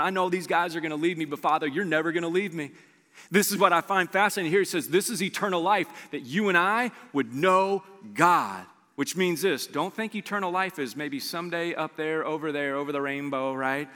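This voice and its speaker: A male pastor with a bright, fairly high voice, preaching in a church sanctuary. His sermon swings between lively storytelling and hushed, intimate emphasis. The sound carries a long hall reverb. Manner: animated storytelling, drops to a soft hush for emphasis.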